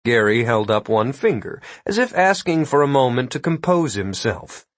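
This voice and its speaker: A man narrating a comic fantasy audiobook in a steady, wry storytelling manner. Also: medium pitch, normal speed, no room sound.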